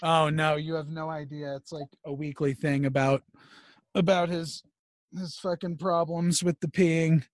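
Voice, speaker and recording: High-voiced man telling profane stories. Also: a little slow, no echo, clean studio sound. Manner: animated, profane storytelling. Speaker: podcast host. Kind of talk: casual chat.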